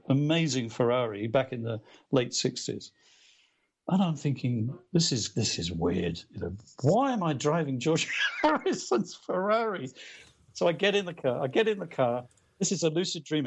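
A middle-aged guest author with a husky, mid-range voice and vocal fry recounts a story. His casual talk is animated and meandering, packed with fillers and restarts.

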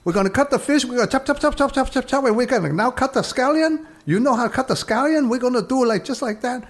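A man's voice: very high-pitched, fast talker, pitched above the performer's own voice. A man putting on a mock Chinese-accented TV chef voice, singsong and choppy, repeating his words. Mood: playful mocking. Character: over-the-top male TV chef with a put-on Chinese accent.

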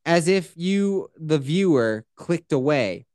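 A podcast co-host in a casual recap chat, retelling scenes in a profane, animated way and slipping into quoted voices. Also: mid-range voice, slow, dry recording, clean studio sound.

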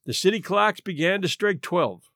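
A man's voice: sits high, lively intonation, a bit bright, dry recording, faint music behind. A man narrating a classic short story as host of a story podcast. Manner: measured storytelling.

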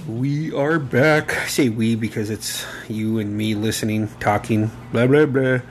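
A man's voice: medium pitch, a little slow, a little hiss or hum. A man in his thirties hosting a casual solo podcast, rambling and emotional, swearing freely and using many fillers. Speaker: podcast host.

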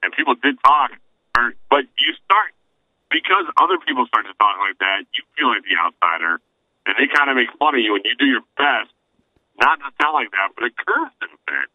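Man, podcast co-host, mid-pitched voice, lively intonation, slightly dull dry recording. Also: a little fast, no room sound. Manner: easygoing anecdotal talk with fillers. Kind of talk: casual chat.

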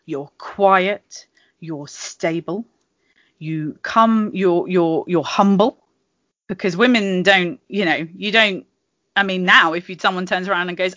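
A British woman with a bright, crisp tone, talking in a loose, rambling way and laughing often. The sound is dry and close, a little dull and lo-fi, like a home podcast recording. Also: mid-range voice, animated, moderate pace, dry recording. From Britain. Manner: giggly, rambling, frequent laughs and restarts. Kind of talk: casual chat.

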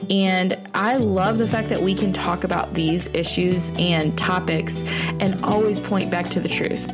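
A woman hosting a faith-based podcast, speaking in an earnest, encouraging way. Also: medium pitch. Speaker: podcast host.

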